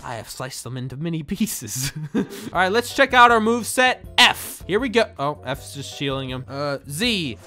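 An excitable gameplay commentator who jokes, laughs and often shouts while narrating a game. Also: medium pitch, normal speed, faint music behind. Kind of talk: let's-play commentary.

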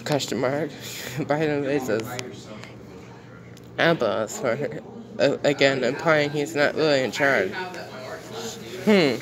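A man's voice: mid-range voice, takes it slowly, long pauses, crowd noise. A man giving casual commentary while reading news headlines aloud, exclaiming often and repeating himself in outrage. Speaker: commentary vlogger.

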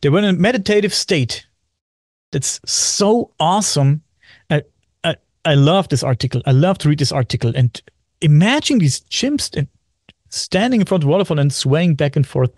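A man, a podcast guest in casual chat, talking excitedly, repeating himself and swearing often. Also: on the high side, dry recording, studio quality. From Germany.

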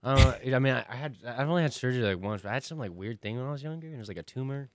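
Fast-talking man in a radio chat. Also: background noise. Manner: animated storyteller, jumps into playful high voices. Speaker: band member guest. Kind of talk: casual radio interview chat.

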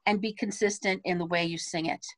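A woman vocal coach patiently explaining song phrasing over a video call, speaking lyrics in a measured, instructive way. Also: fairly low pitch, steady tone, a bit bright, poor audio. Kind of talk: music lesson, talking through song phrasing. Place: home setup on a video call.

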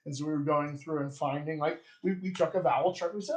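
A man with a General American accent, a dialect coach giving a chatty live accent lesson and repeating sample words slowly. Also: on the high side, roomy sound.

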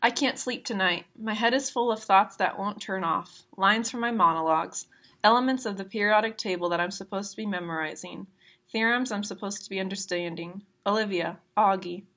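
A woman reading a novel aloud at a steady pace, adding brief asides about the chapters. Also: mid-range voice, brisk. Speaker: reader of a novel.

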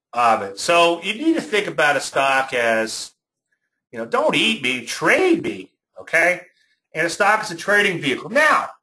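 A man's voice: mid-range voice, bright, forceful tone. A man with a Cajun accent teaching trading over charts, folksy and chatty, telling stories with plenty of fillers. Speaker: trading educator. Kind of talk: webinar lecture on stock charts. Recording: echoey room.

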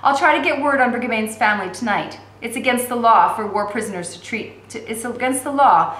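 A woman's voice: fairly high pitch, brisk, fairly bright tone, roomy sound, close to an everyday voice. A woman voicing an earnest army captain. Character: steady, decent male army captain.

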